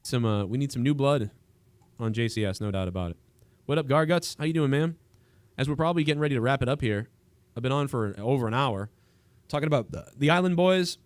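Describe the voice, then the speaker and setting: A man hosts his livestream in a loose, rambling way, talking quickly, restarting sentences and letting thoughts trail off. His voice sits at a middling pitch and sounds close and dry, with no room around it. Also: no echo. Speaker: livestream host. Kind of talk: casual political chat.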